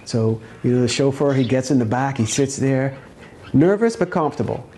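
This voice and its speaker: A man's voice: medium pitch, normal speed, dark tone, slight background noise. Chatty man telling a joke. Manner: chatty, repeats "okay?". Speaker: comedy show host. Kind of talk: casual joke-telling to a pet bird.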